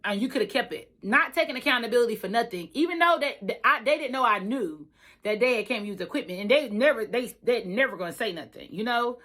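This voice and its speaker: A woman's voice: fairly high pitch, fast talker. A woman, a truck driver, telling her own story in a casual storytime vlog, venting emphatically and repeating herself for effect. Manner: emphatic, repetitive, animated venting.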